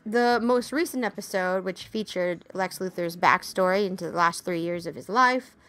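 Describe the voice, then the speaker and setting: A woman's voice: lowish voice, moderate pace, fairly bright tone. A woman co-hosting a casual podcast review, chatty and candid, who swears casually and laughs easily. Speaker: podcast co-host reviewing a TV series.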